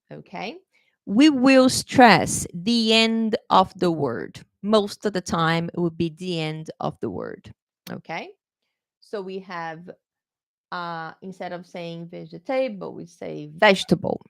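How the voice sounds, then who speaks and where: A woman's voice: fairly low pitch, a bit bright, dry recording, studio quality. Chatty woman teaching pronunciation live. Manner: chatty, repeats "okay?" often, self-correcting. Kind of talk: live online lesson.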